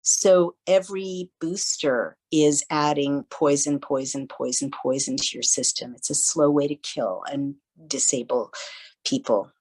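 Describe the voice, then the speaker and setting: A woman speaks in a low, full voice as a podcast guest. She tells her stories animatedly and briefly plays the people she quotes. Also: a little slow, a little mellow, rough recording. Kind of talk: casual interview conversation.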